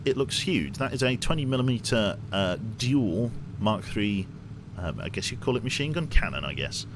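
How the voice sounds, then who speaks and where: Over a noisy background, a young man with a lowish voice streams a game, chatting casually with viewers in his commentary. He reads the chat aloud and swears now and then.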